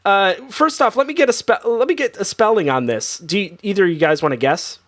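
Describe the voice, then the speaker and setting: A man's voice: sits high, expressive, brisk. A man hosting a comedy game show in casual banter, rambling and laughing with lots of restarts.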